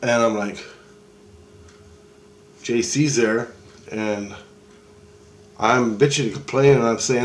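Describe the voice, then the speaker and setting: A man's voice: mid-range voice, a little slow, pauses often, a little hiss or hum. A middle-aged man recounts a dream. His talk wanders, swears freely and keeps doubling back on itself. The telling stays casual and unpolished. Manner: loose, rambling and profane, with many restarts. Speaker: vlogger. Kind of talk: rambling dream retelling.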